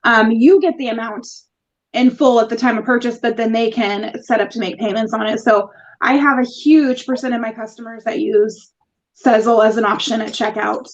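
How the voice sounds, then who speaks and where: A woman with a high voice answers questions on a live online show. She sounds friendly and easygoing. Her audio comes through dull and lo-fi, like a video call. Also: fairly even intonation, normal speed. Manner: friendly, conversational, laughs easily. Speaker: guest, small business owner. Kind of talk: casual live interview.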